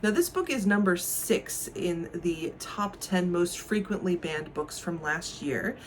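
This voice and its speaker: A woman's voice: on the low side, animated, a little slow, soft background music. A woman hosting a book channel, talking casually and a little wryly about a novel and reading passages aloud. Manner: wry, conversational, lightly sarcastic.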